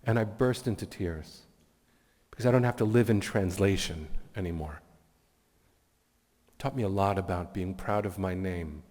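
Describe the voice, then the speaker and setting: A man's voice: deep voice, moderate pace, long pauses, a little mellow, long reverb tail. A man giving a heartfelt, inspirational speech with personal stories as guest speaker at a community meeting. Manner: heartfelt, earnest storytelling. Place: community event hall.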